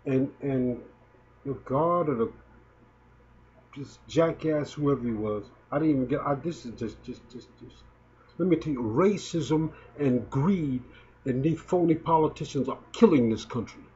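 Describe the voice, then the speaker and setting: With a mid-range, dark-toned voice and a slightly slow delivery, a fifty-something video blogger offers heated commentary. Indignant, he stumbles and repeats himself. The audio is dull and low-fidelity.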